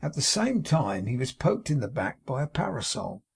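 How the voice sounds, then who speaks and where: A man with a gravelly, husky voice reading a classic novel aloud in a steady, measured way. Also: medium pitch. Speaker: audiobook narrator.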